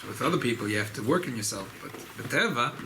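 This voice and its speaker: A rabbi, speaking informally at a farbrengen gathering, often repeating and restarting phrases. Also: male voice, mid-range voice, animated, quick pace, background noise. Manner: repetitive, restarts phrases, mixes Yiddish and Hebrew terms. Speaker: rabbi giving a farbrengen talk. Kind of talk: informal Chassidic talk at a gathering.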